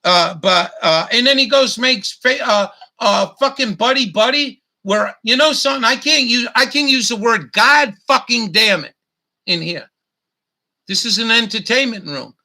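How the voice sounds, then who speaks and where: A man hosting his own YouTube show, delivering an angry, profane rant with halting restarts and stumbles. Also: extremely high pitch, lively intonation, creaky, bright, forceful tone. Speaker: YouTube host. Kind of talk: profane ranting monologue.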